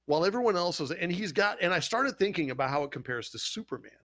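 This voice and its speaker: A man hosting a casual podcast chat, animated and swearing freely as he argues his point. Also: high voice, quick pace. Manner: animated, swearing, retells scenes with quoted voices. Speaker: podcast host.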